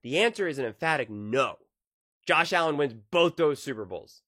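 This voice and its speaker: A man's voice: fairly high pitch, lively intonation, a little fast, bright, forceful tone, no room sound, clean studio sound. A man giving a sports opinion monologue, arguing with rhetorical questions and rising to emphatic peaks.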